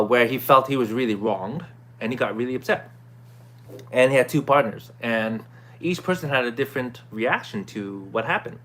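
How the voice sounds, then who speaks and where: A man's voice: mid-range voice, a bit bright. Casual man recapping, many "right?" checks. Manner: conversational, repeats "right?" and "okay?", frequent throat clearing. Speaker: vlogger recapping a self-help course. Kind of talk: casual talking-to-camera recap.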